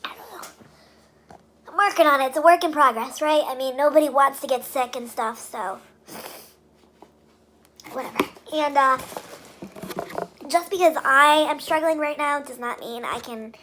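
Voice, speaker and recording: A woman's voice: high-pitched, normal speed, long pauses, fairly bright tone, a little hiss or hum. A young woman vlogging casually, venting with frustration and many fillers. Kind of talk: casual vlog monologue.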